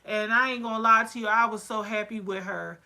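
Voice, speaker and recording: A woman running a casual livestream about her candle business, chatty and excitable, full of fillers and quoted asides. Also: mid-range voice, fairly quick. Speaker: candle-making business owner.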